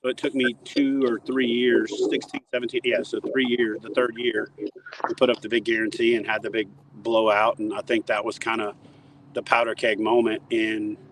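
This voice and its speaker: A man's voice: lowish voice, normal speed, background noise. Rambling man telling stories outdoors. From Toledo Bend area, southern US. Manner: animated, rambling, joking. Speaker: interview guest. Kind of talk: casual storytelling. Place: outdoors near a dock.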